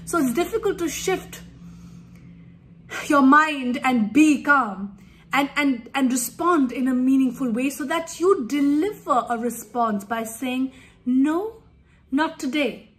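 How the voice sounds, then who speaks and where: Woman w/ a high voice, parenting coach talk, earnest and emphatic. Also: unhurried.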